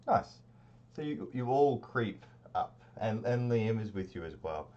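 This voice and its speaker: A man narrates a tabletop game as game master, loose and rambling, with plenty of ums and restarts. His voice sits low. The stream audio is dull and lo-fi. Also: a little slow. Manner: relaxed, rambling narration with many fillers.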